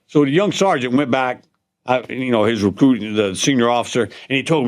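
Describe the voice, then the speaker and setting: Host, male, Louisiana drawl, joking storyteller, mid-pitched. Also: a little fast. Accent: Southern US (Louisiana). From Louisiana, USA. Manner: humorous storyteller, acts out the people in his stories. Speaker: podcast host. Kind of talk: casual interview chat.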